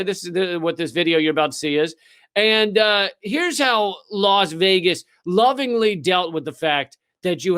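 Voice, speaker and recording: High-voiced sarcastic man hosting a stream. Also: fairly bright tone. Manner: loose, profane, sarcastic riffing with many fillers. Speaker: comedic news host. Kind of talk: live-streamed comedic news monologue.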